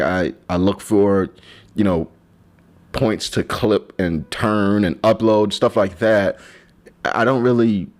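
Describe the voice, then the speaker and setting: A man hosting his own solo podcast, talking in a rambling, joking way that often breaks off and restarts. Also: lowish voice. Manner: rambling, joking, self-interrupting. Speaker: podcast host. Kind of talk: casual solo podcast monologue.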